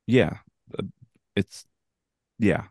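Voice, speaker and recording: A man's voice: extremely slow, darkish tone, no echo, studio quality. A man co-hosting a wrestling podcast, joking around loosely and steering the conversation between segments. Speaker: podcast co-host. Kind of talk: casual wrestling podcast chat.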